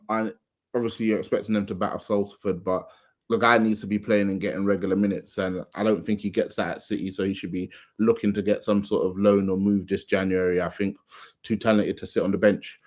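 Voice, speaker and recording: A man's voice: on the low side, flat delivery, fairly quick, darkish tone. A man hosting a casual football podcast, bantering and reading out listener questions. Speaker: podcast host. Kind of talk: casual chat.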